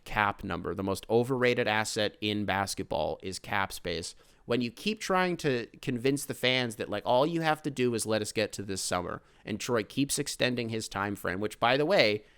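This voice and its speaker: A man's voice: fairly low pitch, expressive, moderate pace, a bit bright, clear, resonant tone, no room sound. A young American man hosting a sports podcast, talking casually in rambling, profane rants full of tangents. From United States. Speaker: podcast host.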